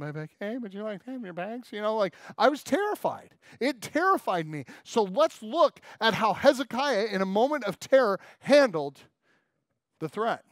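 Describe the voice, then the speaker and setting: A man's voice: sits high, dry recording, studio quality. A man in his forties preaching a sermon as pastor, telling stories and acting out quoted lines in little character voices.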